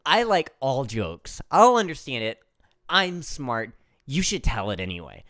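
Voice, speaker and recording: A man's voice: mid-range voice, sing-song, a little slow, pushed and bright, no echo, studio quality. A man voicing a bossy, sassy four-year-old girl who pesters with questions. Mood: insistent.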